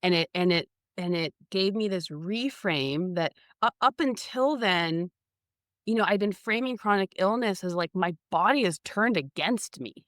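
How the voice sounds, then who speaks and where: A woman's voice: lowish voice, lively intonation, normal speed, a bit bright, no room sound, studio quality. A woman co-hosting a casual podcast, talking earnestly and reflectively with frequent restarts. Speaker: podcast co-host.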